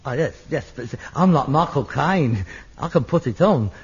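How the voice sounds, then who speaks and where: A man, playing an exasperated son with theatrical pretensions who complains and shouts. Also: medium pitch, animated, moderate pace, husky, dull audio. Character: exasperated, pompous working-class son. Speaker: amateur actor.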